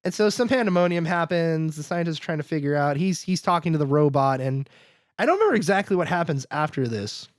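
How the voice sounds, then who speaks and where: A man's voice: on the high side, expressive, fast, dry recording, studio quality. A man hosting a podcast, recapping a film in rambling casual chat packed with "like" and acted-out quotes. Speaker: podcast host.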